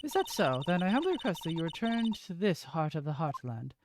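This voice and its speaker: A woman's voice: fairly low pitch, sing-song, background noise. A woman voicing a stern, formal older woman of a spirit-medium clan, reading game dialogue aloud. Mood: haughty. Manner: stiff, haughty, slow and formal. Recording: game music behind.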